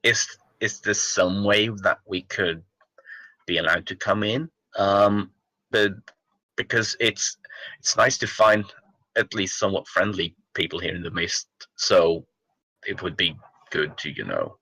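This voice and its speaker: Deep, bright-edged hesitant male player. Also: a little slow, no echo, rough recording. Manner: hesitant, thinking aloud. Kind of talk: casual tabletop play.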